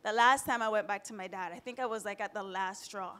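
A woman's voice: mid-range voice, fast, fairly bright tone. A woman in her thirties from Jamaica, telling her own story on a panel in a candid, emotional way, close to tears at times. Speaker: panelist sharing personal story. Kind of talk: personal testimony on a panel.

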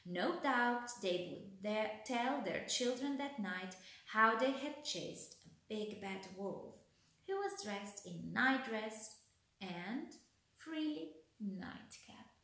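Woman reading a bedtime story real slow, gentle, lots of echo. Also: on the high side, animated. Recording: very echoey room.

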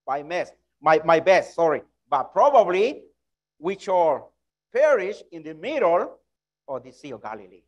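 Slow earnest preacher with high voice. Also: male voice, very animated, highs cut off. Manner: earnest, self-correcting, non-native phrasing. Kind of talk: sermon.

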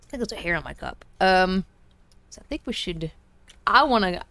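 A woman's voice: fairly low pitch, big pitch swings, moderate pace, pushed and bright, no echo. Chatty woman streaming a game. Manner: chatty, joking to herself and chat. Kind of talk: casual game commentary. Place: home room.

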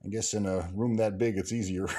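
A man with a low, mellow voice runs through news and market figures like a casual commentator. He reads quoted passages aloud, then cuts in with offhand remarks, restarting his sentences and tossing in fillers as he goes. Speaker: host of a stock market show. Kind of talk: casual commentary reading from articles and market screens.

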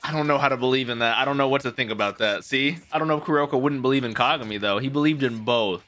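A man hosting an anime reaction video, casual and excitable, swinging between loud hype and quiet musing, with some casual swearing. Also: medium pitch, fast talker, faint music behind. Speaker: anime reaction channel host.

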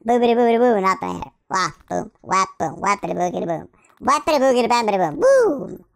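A man's voice: high-pitched, big pitch swings, fast talker, creaky, fairly bright tone, dry recording, exaggerated voice, rough recording. A man voicing a cheeky baby hedgehog in playful gameplay commentary, full of silly rhymes and nonsense words. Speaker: game player.

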